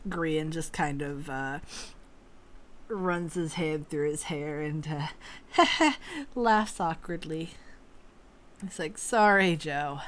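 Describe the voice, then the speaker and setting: Low-voiced woman game master. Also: slow pace, long pauses. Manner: casual, swears freely. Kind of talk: narrating a tabletop game.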